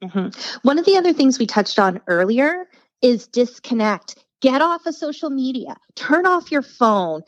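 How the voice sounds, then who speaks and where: A woman's voice: high-pitched, a little slow, no room sound, low-quality recording. A woman telling stories as a podcast guest in casual chat, acting out the voices of people she quotes. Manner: animated storyteller, acts out quoted voices.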